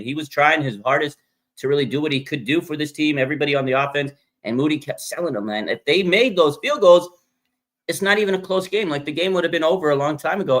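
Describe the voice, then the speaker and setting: A man hosting a live fan reaction show, talking emphatically, repeating points and using lots of fillers. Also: a little high. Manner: animated, emphatic, repeats himself, frequent fillers. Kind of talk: live sports reaction talk.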